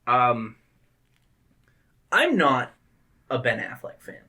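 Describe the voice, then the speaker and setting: A man co-hosting a casual movie podcast, swearing often and animated, jumping into voices when he quotes scenes. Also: mid-range voice, takes it slowly, slightly rough. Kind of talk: casual chat.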